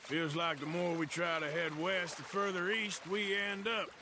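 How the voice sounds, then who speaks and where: An actor playing a gruff, weary outlaw with a dry, sardonic, clipped way of talking in a video game. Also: male voice, sits high, flat delivery, normal speed, background noise.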